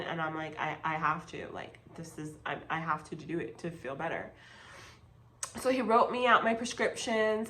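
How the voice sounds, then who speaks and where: A woman's voice: lowish voice, a bit bright, slight background noise, rough recording. A young woman vlogger telling a personal story in a casual, chatty way, with lots of fillers and emphatic asides.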